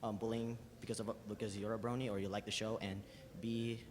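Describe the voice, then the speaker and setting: A man's voice: on the low side, level tone, fast, slight background noise. A nervous man stammering through a question from the audience at a panel, recorded in a reverberant hall. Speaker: fan asking a question. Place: convention hall, audience mic.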